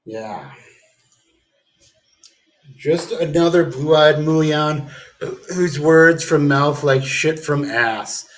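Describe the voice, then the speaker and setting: Man, fairly high voice, livestream rant, rambling, heavy swearing, casual. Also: extremely slow, pauses often. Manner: rambling, profane, keeps saying dude.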